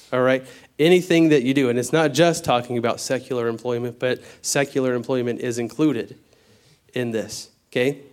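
A man preaching a Bible teaching sermon in a conversational way, often checking in with the congregation and slowing down to explain word meanings. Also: medium pitch. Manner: conversational, peppered with "okay?" checks.

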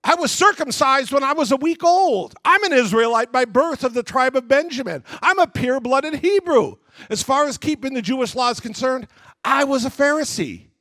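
A man's voice: extremely high pitch, lively intonation, moderate pace, bright, forceful tone, no echo, voice pushed up, heavily acted. A man voicing a proud former zealot apostle who insists on his strict past. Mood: proud, insistent.

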